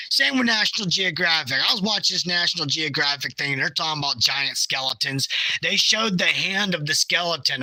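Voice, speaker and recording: A middle-aged man casually chatting about his field photos, animated, jokey and blunt. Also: fairly high pitch, creaky, no echo, poor audio. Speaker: bigfoot researcher.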